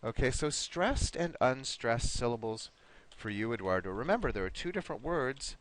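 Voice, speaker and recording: A man teaching an online class, giving each student encouraging feedback by name and slowly modeling pronunciation. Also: mid-range voice, animated, fairly bright tone, a little hiss or hum.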